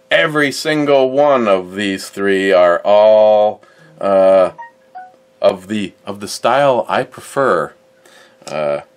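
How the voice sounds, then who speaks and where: A middle-aged man hosting a gun channel, chatting casually and rambling with many fillers and restarts. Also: lowish voice. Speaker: host of a gun review channel. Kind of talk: casual chat about his collection.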